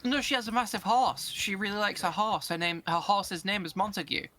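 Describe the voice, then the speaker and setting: A streamer chatting casually during a game stream, animated and joking, sometimes playing with silly put-on accents. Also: mid-range voice, fairly quick. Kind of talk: casual gaming stream chat.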